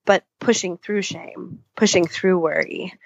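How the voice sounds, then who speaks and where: A woman's voice: on the low side, steady tone, a little slow, gravelly, dry recording. Woman, couples therapist, thoughtful and explanatory, dry close sound, slightly muffled lo-fi audio. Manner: thoughtful, explains at length with spoken-out inner voices. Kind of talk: podcast interview answers.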